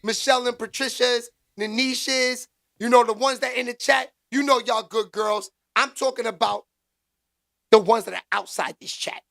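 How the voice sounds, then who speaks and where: High gravelly guy ranting live to his chat, slangy, gets loud in spurts. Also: moderate pace. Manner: animated, bursts into loud exclaims, slangy street talk. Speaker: livestream commentary host. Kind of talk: casual live-stream commentary, reading chat.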